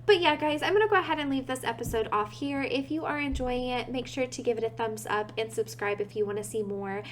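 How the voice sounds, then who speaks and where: High-voiced chatty woman gaming. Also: fairly quick, a little hiss or hum. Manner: chatty, talks to her game characters, giggly. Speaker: gaming video creator. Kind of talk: casual gameplay commentary.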